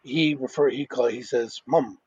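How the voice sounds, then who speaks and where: رجل يتحدث في دردشة عفوية بأسلوب متشعب ومتقطع، يعيد بدايات جمله، بصوت أجش في تسجيل جاف ومكتوم. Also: male voice, medium pitch, a little mellow, husky, no echo, dull audio. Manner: rambling, halting restarts. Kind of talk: casual chat.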